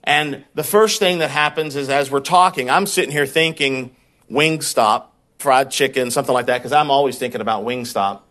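At medium pitch and normal speed, a man preaching as pastor shares a personal story, animated and conversational. He tends to repeat words whenever he gets worked up.

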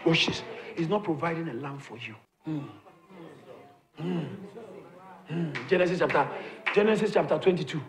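A man preaching a sermon, repeating his lines emphatically, building to shouts, and calling on the congregation to answer. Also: a little high, expressive, normal speed, pauses often, noisy background. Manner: calls on the congregation to respond. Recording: echoey room with crowd audible. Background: congregation responding.

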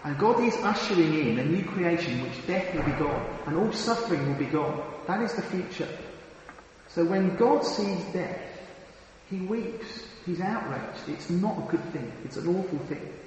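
A man's voice: on the high side, lively intonation, moderate pace, darkish tone, slight background noise. Earnest preacher man in an echoing hall. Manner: earnest, emphatic, with frequent restarts and repetitions. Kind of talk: sermon. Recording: very echoey hall with long reverb.

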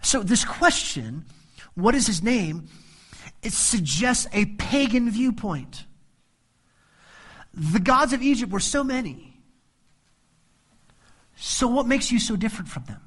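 Man preaching an animated Bible sermon. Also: very high-pitched, slow pace, long pauses, breathy edge. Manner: animated, acts out quoted voices with humor. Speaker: pastor.

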